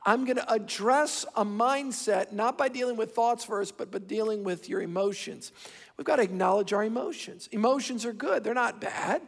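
A man's voice: sits high, normal speed, creaky. A middle-aged man preaching a sermon as pastor, emphatic and repetitive, shifting his pace to drive points home. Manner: emphatic, repeats himself, shifting pace for stress. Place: large church hall. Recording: hall reverb from a large sanctuary.

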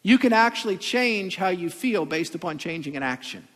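High-voiced pastor in a reverberant hall. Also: male voice, moderate pace. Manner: animated storytelling with comic asides. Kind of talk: sermon.

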